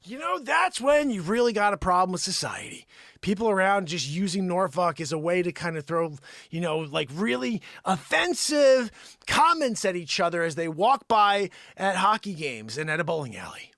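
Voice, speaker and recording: A high, gravelly man riffs on an unscripted comedy show. He rambles, jumps into shouted mock outrage, then drops to muttered asides. His voice is bright and dry, close to the mic. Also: lively intonation, normal speed, no room sound. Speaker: comedy livestream host. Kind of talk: unscripted comic riffing.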